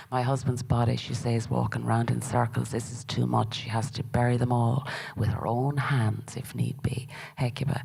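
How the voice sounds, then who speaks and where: Gravelly woman giving a dramatic reading. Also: a bass voice, little pitch movement, moderate pace, darkish tone, low-quality recording. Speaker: playwright reading her work.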